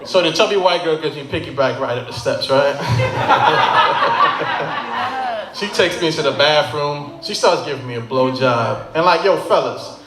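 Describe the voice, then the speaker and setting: A man doing a stand-up comedy set at a brewery bar, telling stories with animated delivery and quick punchlines on a handheld mic. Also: fairly high pitch, a loud crowd. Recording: echoey noisy bar room.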